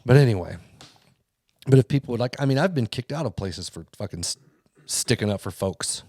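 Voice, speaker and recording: Man, podcast co-host, rapid profane rant, dry close mic. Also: medium pitch, animated, a little mellow, no room sound. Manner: heated, swears constantly, acts out quotes.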